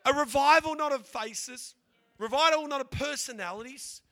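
An Australian man preaching a sermon, telling a lively church story with animated, repeating delivery. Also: extremely high pitch, moderate pace. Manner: animated, repeats words as he speeds along.

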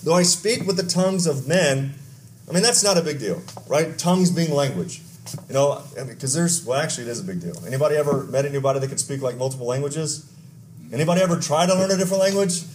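A pastor from Texas, preaching a conversational sermon with asides, stories and questions to the congregation. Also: male voice, a little high, expressive, quick pace, a little mellow, a little hiss or hum.

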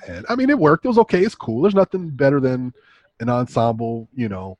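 Relaxed mid-pitched man, dry close sound. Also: fairly quick, no room sound, dull audio. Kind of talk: casual movie discussion.

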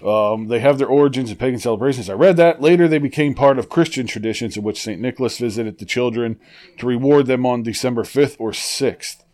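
A man's voice: mid-range voice, a little fast, darkish tone. A man co-hosting a casual podcast, reading an article aloud while joking and laughing through it. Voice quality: profane, joking asides. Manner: giggly, laughs through his reading and breaks off often. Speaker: podcast co-host.

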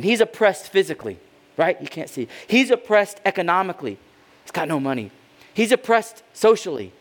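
A man preaches with a high, lively voice that climbs and falls all over the place. He sinks into quiet, heavy pauses, then bursts out loudly when he voices the people in the story. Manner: dramatic, swings from hushed to loud voicing of characters. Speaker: pastor. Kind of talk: sermon.

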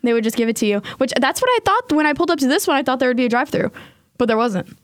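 A woman's voice: high voice, animated, very fast, dry recording, studio quality. A young woman chatting casually as a guest, playful and giggly as she tells a story. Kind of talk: casual chat.

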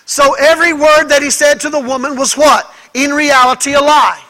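A man's voice: extremely high pitch, fairly even intonation, moderate pace, pushed and bright. A man preaching a sermon as a pastor. He speaks with emphasis and asks the congregation rhetorical questions.

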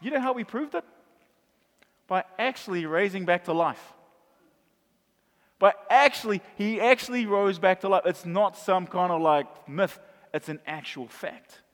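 A male pastor preaching a sermon, animated, acting out the voices of Bible figures. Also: high-pitched, a little slow, long pauses. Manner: animated, acts out voices of crowd and Jesus. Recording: long reverb of a large hall.

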